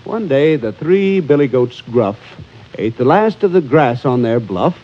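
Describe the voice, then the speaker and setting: A man telling a children's story in a slow, rhythmic, sing-song way. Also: medium pitch, very animated. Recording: dull lo-fi recording with faint music.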